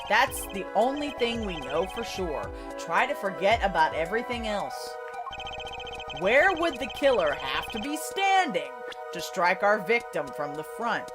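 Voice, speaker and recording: A woman reading the lines of a calm young male defense lawyer who patiently coaches his junior through a puzzle. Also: medium pitch, lightly acted. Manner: patient, coaching, reading game text aloud. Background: game music.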